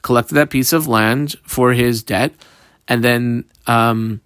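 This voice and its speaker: A man's voice: medium pitch, steady tone, slow pace, fairly bright tone, smooth, no echo, studio quality. A man teaching a text study class, reading each term aloud and then explaining it in plain words, step by step. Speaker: Talmud teacher.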